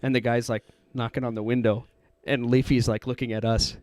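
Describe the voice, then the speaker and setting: A man's voice: mid-range voice, flat delivery, fairly quick, a little mellow, dry recording. A man co-hosting a podcast, casually telling a rambling story, laughing often and acting out the people in it. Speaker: podcast co-host.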